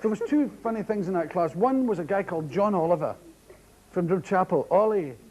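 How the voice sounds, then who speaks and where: A Scottish man doing a stand-up storytelling set, lively and animated, often mimicking others in sharp high voices. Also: brisk, low-quality recording. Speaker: comedian. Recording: 1980s TV audience show, loud crowd and noise. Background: loud audience laughter.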